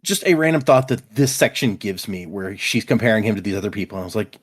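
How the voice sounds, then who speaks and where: A man's voice: on the low side, fast talker, few pauses, slightly rough. A man co-hosting a casual book discussion podcast, animatedly retelling scenes and paraphrasing characters. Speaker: podcast co-host.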